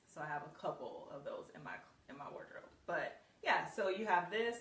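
A woman whose voice is on the low side and a bit bright guides viewers through putting outfits together on a casual live stream. She is chatty, laughing and using ums often, and the recording sounds roomy, far off, and faintly hissy.

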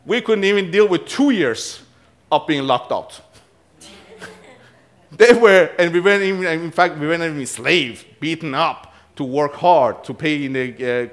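Preaching from the pulpit, this man shifts back and forth from booming stretches to soft, hushed remarks, laughing lightly every so often.

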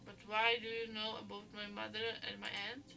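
A woman's voice: mid-range voice, little pitch movement, fairly quick, vocal fry, sharp tone, distant mic, soft background music. A woman reading the lines of a frightened young girl from a game, earnest and pleading.

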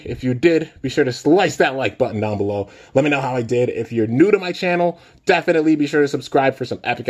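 A young man hosting a casual toy unboxing vlog, excitable and filling his talk with "man" and "dude". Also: fairly low pitch. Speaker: toy reviewer and channel host.

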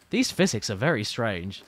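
A man's voice: lowish voice, slightly rough. A man giving casual, playful, teasing commentary while streaming a video game.

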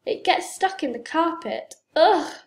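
A woman's voice: extremely high pitch, animated, a little slow, voice pushed up. A woman reading the lines of a cheeky, scheming young boy in a storybook, in an eager, pleading way. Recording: roomy echo.

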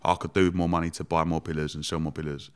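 A man telling stories as a podcast guest, animated, laughing often and swearing freely. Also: very deep voice, fast, smooth. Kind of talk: casual storytelling chat.

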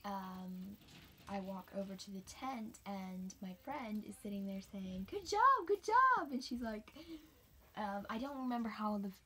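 A woman's voice: medium pitch, fairly even intonation, measured pace, a little mellow. A young woman telling a casual, rambling story about her race, sometimes dropping into a whisper. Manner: chatty, rambling, drops into whispers. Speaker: homeschooled cross-country runner.

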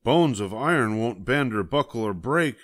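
A man's voice: mid-range voice, animated, moderate pace, lightly acted. An older man voicing a frightened, tearful young brother in a storybook, with a raised, plaintive tone. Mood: worried.

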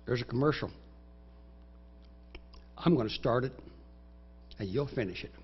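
A man preaching a sermon in a church, dramatically acting out inner voices in the first person and reciting scripture in slow, measured phrases. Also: mid-range voice, breathy edge, lo-fi sound. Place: church sanctuary.

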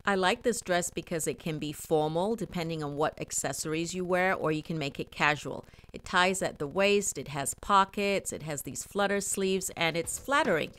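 Chatty middle-aged woman, low voice. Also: normal speed, few pauses, fairly bright tone. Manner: chatty, laughs often, talks straight to viewers. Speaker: fashion haul vlogger. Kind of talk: casual chat to camera.

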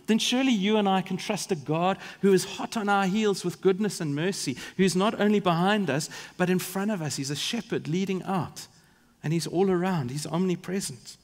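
Pastor preaching, high voice, long echo of a big church hall. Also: male voice, normal speed. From South Africa. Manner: earnest, vivid preaching with asides to the congregation. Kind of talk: sermon. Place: large church.

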